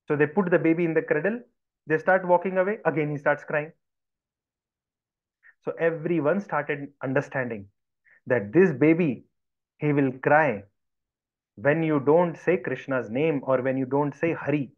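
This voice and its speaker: Over a dull, lo-fi video call, a man tells a story as part of a devotional lesson, animatedly performing the voices of villagers. His voice is a little high, his pace moderate, and he pauses often.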